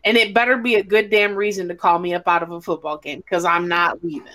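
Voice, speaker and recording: A woman's voice: fairly low pitch, quick pace. A woman hosting a casual chat, telling stories bluntly and swearing a lot. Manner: blunt, profane, animated storytelling. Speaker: podcast host.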